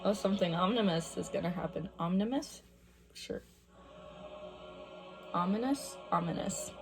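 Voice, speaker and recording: A woman's voice: fairly low pitch, fairly quick. Chatty young woman, music student. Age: young adult. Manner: chatty, thinking aloud, analytical. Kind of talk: casual listening reaction commentary.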